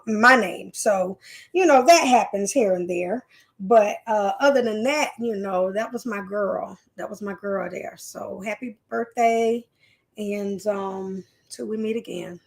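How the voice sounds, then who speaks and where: A woman hosting a live stream in a chatty, folksy way, talking straight to her viewers. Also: mid-range voice. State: leg pain. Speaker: host. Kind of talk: casual live-stream chat.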